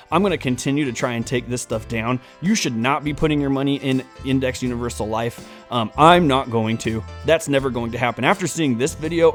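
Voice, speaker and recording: A man hosting a finance channel, giving heated, exasperated reaction commentary with emphatic stresses. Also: medium pitch.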